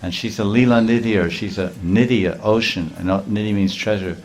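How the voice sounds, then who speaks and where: A man preaching a sermon, telling a story in an animated way with frequent chuckles and Sanskrit terms. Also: fairly low pitch, fairly quick.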